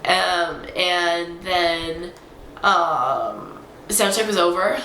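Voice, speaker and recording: A young adult woman vlogging, rambling excitedly in a casual chatty recap full of fillers. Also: lowish voice, very slow, a little hiss or hum. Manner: excitable, rambling fangirl storytelling with many fillers. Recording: roomy echo.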